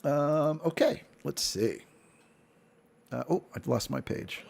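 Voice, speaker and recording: A man runs a tabletop role-playing session as dungeon master, talking loosely and laughing often. His voice sits a bit high for a man. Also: lively intonation, slow, gravelly, darkish tone. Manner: rambling, laughs often, many fillers. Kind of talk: running a tabletop game. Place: home streaming setup.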